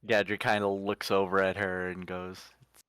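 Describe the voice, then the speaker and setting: A man's voice: low-pitched, flat delivery, normal speed, a bit bright, clear, resonant tone, no echo. A man playing a tabletop role-playing game, describing his character in a stumbling, good-humored way. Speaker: player.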